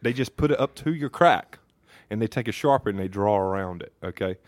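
A man's voice: fairly low pitch, expressive, fairly quick, no room sound. A man co-hosting a casual podcast, telling a heated, profanity-heavy story. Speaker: podcast co-host.

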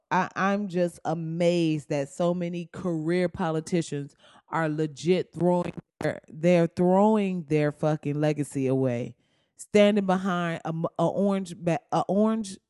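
A man hosting a casual comedic talk show, profane and animated, often slipping into quoted voices. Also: fairly high pitch, unhurried, clean tone, no echo, studio quality.

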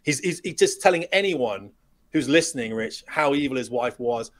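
A middle-aged man, a retired pilot, telling lively anecdotes as a podcast guest and acting out the dialogue. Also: medium pitch, normal speed. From United Kingdom. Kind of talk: storytelling in a podcast interview.

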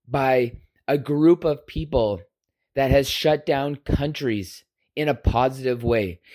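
A man's voice: medium pitch, a little mellow. A man giving an impassioned monologue, repeating emphatic rhetorical questions. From Canada.

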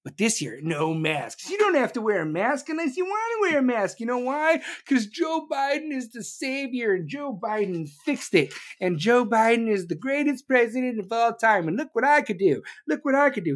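A commentator delivering an angry, sarcastic political rant full of swearing, speeding up in bursts and slowing down to hit a point. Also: medium pitch, sing-song. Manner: jumps between fast bursts and slow emphasis.

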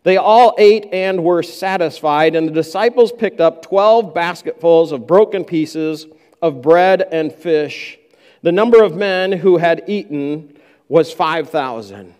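A man's voice: on the high side, takes it slowly, a little mellow, in a large hall. A man preaching a sermon, who acts out the disciples' complaints in a raised voice. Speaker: pastor.

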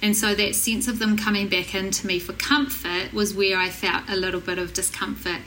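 Bright, earnest mother talking parenting. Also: mid-range voice, steady tone, normal speed, a little hiss or hum, low-quality recording. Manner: earnest, affirming, with short agreeing replies. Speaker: parenting guest. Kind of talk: casual conversation.

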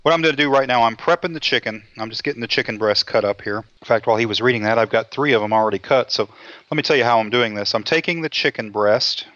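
A man speaks quickly in a medium-pitched, somewhat bright voice as he hosts a cooking show, joking folksily and explaining every step. It's casual cooking chat in a dull lo-fi recording that sounds dry.

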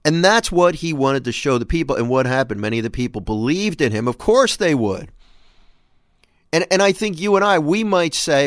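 A man's voice: fairly high pitch, animated, normal speed, no echo, studio quality. A man hosting a show, reading scripture aloud and reflecting on it in an earnest, emphatic way. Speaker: host.

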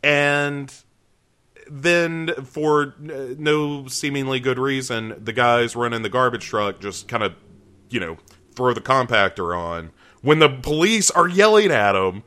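Animated man riffing on a movie. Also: mid-range voice, a little slow, smooth. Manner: animated, laughing, jokey asides and quoted voices. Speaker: podcast co-host. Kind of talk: casual movie review chat.

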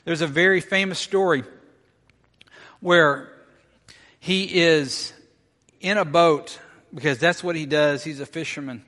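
A man's voice: a little high, unhurried, pauses often, pushed and bright. A middle-aged man preaching a sermon as a pastor, telling a story and acting out the quoted lines. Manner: storytelling, acts out quotes with rising intensity. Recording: long reverb of a large hall.

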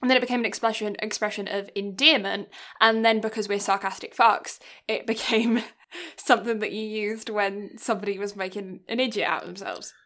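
A woman's voice: mid-range voice, steady tone, brisk, a bit bright. A young British woman co-hosting a podcast, chatting casually, swearing and laughing often. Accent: British English. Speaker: podcast co-host. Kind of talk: casual chat.

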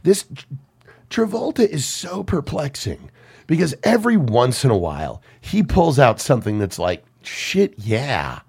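A man hosting a casual film chat, an animated storyteller who swears and laughs often. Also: fairly high pitch, moderate pace, vocal fry, breathy edge. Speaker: podcast host.

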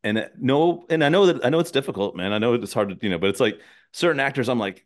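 A man's voice: medium pitch, quick pace. Rambling podcast host man. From southern US. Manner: rambling, restarts often, excitable. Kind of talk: casual podcast chat.

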